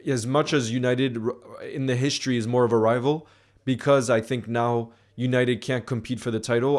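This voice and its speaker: A man hosting a live football watchalong stream, talking in a loose, chatty way. He rambles, trips over words and restarts often, at a mid-range pitch. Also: a little mellow.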